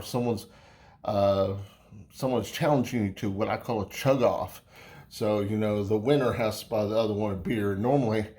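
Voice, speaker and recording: A man's voice: lowish voice, a little mellow. A man casually reviewing a beer on camera, talking in a rambling, folksy way with many fillers and restarts. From United States.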